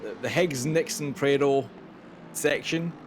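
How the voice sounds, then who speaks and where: A man co-commenting a sim race, dry and measured. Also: medium pitch, a little hiss or hum.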